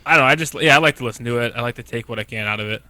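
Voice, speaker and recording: Co-host: young Michigan-accented man, quick, rambling, dry close sound. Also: mid-range voice, sharp tone, dry recording. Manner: rambling, halting restarts. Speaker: podcast co-host. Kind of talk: casual chat.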